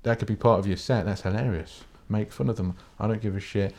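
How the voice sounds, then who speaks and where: British bloke, fairly low voice, solo podcast host who rants bluntly and swears freely. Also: male voice, steady tone, fairly quick, dark tone. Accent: British English. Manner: blunt, sweary, rambling, with many restarts. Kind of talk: casual solo podcast rant.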